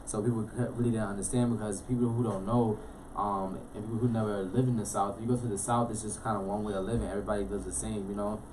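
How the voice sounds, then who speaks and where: A young man from Florida, a guest telling his life story in a casual, animated way, full of street slang. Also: fairly low pitch, slight background noise. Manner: fast, animated, streetwise slang, frequent "you know what I'm saying". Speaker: interview guest.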